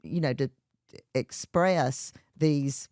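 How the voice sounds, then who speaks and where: A woman's voice: low-pitched, very slow, darkish tone, dry recording, clean studio sound. A middle-aged woman with a Southern US accent, a chef and entrepreneur talking as an interview guest, chatty with many fillers and restarts. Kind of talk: casual interview talk.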